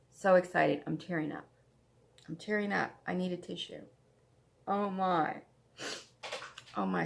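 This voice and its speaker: Casting note: woman, crafting vlog host, unhurried and gravelly, gushy and repetitive. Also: lowish voice. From Canada. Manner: chatty, gushing, repeats herself. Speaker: flosstube host. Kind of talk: casual show-and-tell chat.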